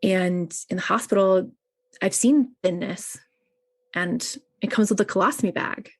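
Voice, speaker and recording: Female guest, chaplain, mid pitch, earnest storytelling, casual fillers. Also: a little slow. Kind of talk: personal conversation.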